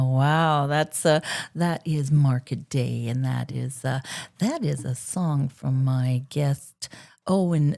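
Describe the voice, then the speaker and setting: A woman's voice: low voice, creaky, warm tone. A middle-aged woman hosting an interview show, gushing and chatty as she introduces her guest. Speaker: show host. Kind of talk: enthusiastic interview host. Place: Toronto.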